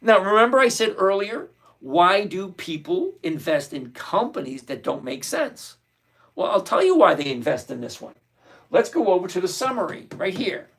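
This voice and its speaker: A man with a high-pitched, slightly bright, husky voice hosts a live stock-trading stream at normal speed, his pitch swinging widely and dipping into vocal fry. He talks casually but lectures his viewers in an exasperated, emphatic way.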